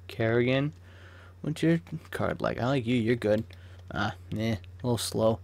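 A man's voice: medium pitch, takes it slowly, creaky, a little mellow. Chatty young man commenting on gameplay. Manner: chatty, swears freely, flares up in sudden rants. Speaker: gaming YouTuber.

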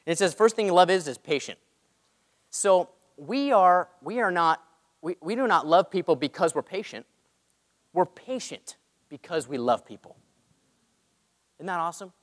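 A young man preaching a sermon in an animated way, joking about his own faults. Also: high-pitched, moderate pace, long pauses. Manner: animated, self-mocking asides. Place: large church hall. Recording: long hall reverb.

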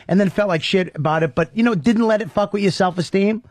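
A man hosting a late-night radio talk show, crude and animated, often acting out quotes. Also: high-pitched, fast, no echo. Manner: animated and profane, quotes people in voices. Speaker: host.

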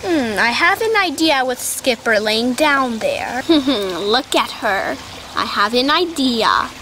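A woman's voice: on the high side, very animated, slow, pushed and bright, a little hiss or hum, heavily acted, rough recording. A woman voicing a mischievous little girl doll who schemes with sneaky giggles in doll play.

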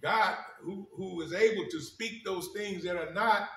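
A male pastor preaching a sermon, repeating key phrases with emphasis and slowing down to read scripture. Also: high voice, a bit bright, a little hiss or hum. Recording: echoey room, mic at a distance.

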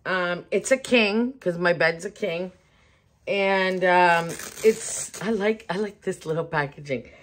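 A middle-aged woman, chatting casually to camera in an animated way, laughing often and restarting her sentences. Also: on the low side, slow pace, a little hiss or hum. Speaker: home decor vlogger. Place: home bedroom.

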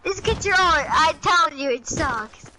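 A young woman with a high, lively voice chats while gaming, flustered and pleading between quick exclamations. The recording is noisy. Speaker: gamer. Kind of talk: casual gaming chat.

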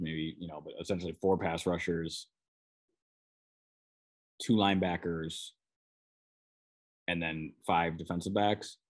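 Minnesotan guy doing a solo football podcast, low voice, keeps restarting sentences, chatty. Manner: conversational, with frequent restarts and "you know". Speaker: sports beat writer and podcast host. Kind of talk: solo sports podcast analysis.

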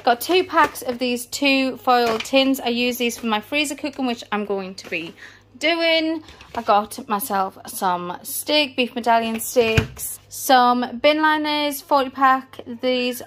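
Breathless chatty mum. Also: female voice, a little high, a little hiss or hum. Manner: chatty, rambling item-by-item listing. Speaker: mother showing a family grocery haul. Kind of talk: casual vlog chat. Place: family home, indoors.

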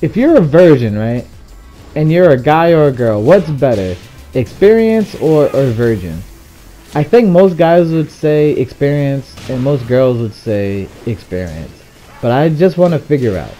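A young man telling a casual, profane storytime and acting out the quoted lines with lively swings in his voice. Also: medium pitch, a little slow, faint music behind. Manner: animated, profane, acts out quoted dialogue. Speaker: gaming channel host.

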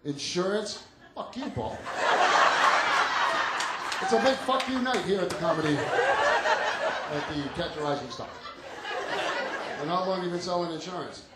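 Brash male stand-up comic roasting the crowd, highish voice, echoey noisy club recording. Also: sing-song, a little slow, long pauses. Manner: brash, profane, teasing audience members. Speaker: stand-up comedian. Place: comedy club stage with laughing audience.

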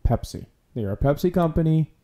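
A man's voice: fairly high pitch, expressive, brisk, dark tone. A man co-hosting a casual podcast, giving strong opinions in dry, easygoing banter. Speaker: podcast co-host.

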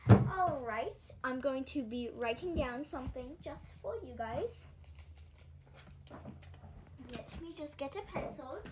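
High, slow, giggly vlogger. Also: female voice, animated, heavy background noise. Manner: rambling, giggly, self-interrupting. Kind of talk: casual home vlog.

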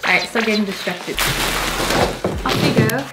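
A woman YouTuber talking casually to camera, excitable and gushing, squealing with surprise. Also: mid-range voice, normal speed. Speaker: YouTuber and singer. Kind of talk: casual vlog talk to camera. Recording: echoey room with background music.

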